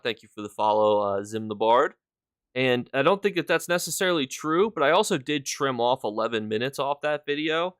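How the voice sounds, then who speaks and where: A man's voice: mid-range voice, fairly bright tone, clean tone, dry recording, clean studio sound. A man casually talking to his viewers on a live stream, rambling through his points and stopping to thank people in chat.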